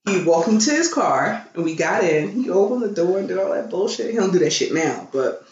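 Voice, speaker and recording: A woman's voice: fairly low pitch, fairly quick. A woman telling a story on a podcast in casual, profane chat, often acting out what people said. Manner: profane, animated, acts out quoted dialogue. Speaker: podcast co-host. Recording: roomy, slightly dull sound.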